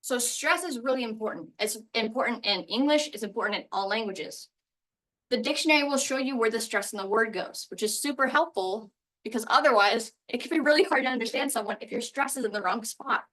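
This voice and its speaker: A woman gives a recorded language lesson in a clear, explanatory way, working through examples one at a time. Her voice is bright and a little high. She sits a bit back from the microphone. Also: a little fast, distant mic, rough recording. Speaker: language teacher.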